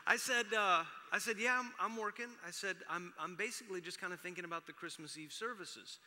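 Chatty pastor telling stories in a big hall. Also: male voice, high-pitched, a little fast, hardly any pauses, sharp tone. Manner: chatty storytelling with self-deprecating jokes. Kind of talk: sermon. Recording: long reverb of a large hall.

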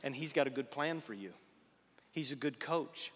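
A man preaching a sermon, conversational and animated, full of rhetorical questions and joking asides. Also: medium pitch, moderate pace, slightly rough, big-room sound. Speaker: pastor.

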